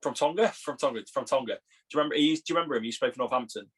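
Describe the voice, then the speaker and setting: A young English man co-hosting a podcast in casual, teasing banter, quick to laugh at his own jokes. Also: mid-range voice, a bit bright, breathy edge. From England. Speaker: podcast co-host.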